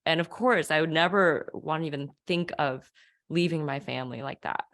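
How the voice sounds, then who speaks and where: Woman, low voice, earnest emotional storytelling, interview guest. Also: moderate pace, a bit bright. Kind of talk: personal faith testimony.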